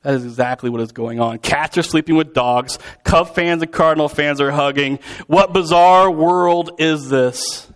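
Man, somewhat high voice, casual sermon delivery, storytelling preacher. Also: normal speed, hardly any pauses. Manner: conversational, storytelling with acted-out quotes. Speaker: pastor.

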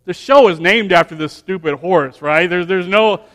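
High-voiced man preaching in an echoing hall. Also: moderate pace, fairly bright tone. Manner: rambling storytelling with many restarts, building to emphatic preaching. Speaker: pastor. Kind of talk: sermon with personal story.

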